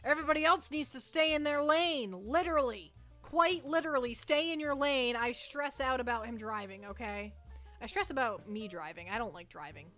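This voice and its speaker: A woman's voice: high-pitched, normal speed, pushed and bright, faint music behind. A young Canadian woman hosting a livestream, rambling casually with her chat and often restarting her sentences. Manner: rambling, chatty, self-interrupting. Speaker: livestream host.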